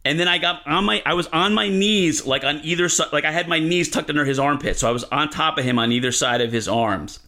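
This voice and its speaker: A man with a bright, forceful voice spins a comedic story as a podcast guest. He sits somewhat high for a man. He talks in an animated, profane way and piles up fillers as he goes. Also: a little fast, few pauses.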